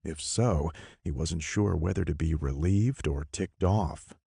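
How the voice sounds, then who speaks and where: A man reading a horror audiobook as narrator, measured and expressive. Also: a bass voice, creaky, breathy edge, dry recording, clean studio sound. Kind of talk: scripted narration.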